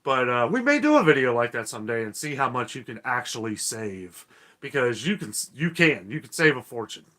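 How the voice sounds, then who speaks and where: Folksy, bright-voiced man ranting. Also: mid-range voice, very animated, brisk. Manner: folksy, ranting, reads viewer comments aloud. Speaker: host reading live chat. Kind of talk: casual live-stream chat.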